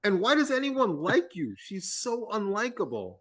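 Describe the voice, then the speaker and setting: Animated man mocking a bad movie. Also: high-pitched, moderate pace. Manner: animated, swearing, mocking impressions. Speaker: podcast co-host. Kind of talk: casual film discussion.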